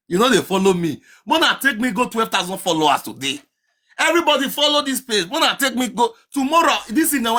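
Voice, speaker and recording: A man with a Nigerian accent chatting on a live stream, chanting sing-song calls and swinging between loud shouts and low mutters. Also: husky. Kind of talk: casual live-stream chat to viewers.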